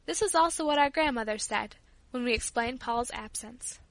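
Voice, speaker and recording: A woman narrating a storybook chapter in a measured, clear audiobook reading. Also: a little high, no echo.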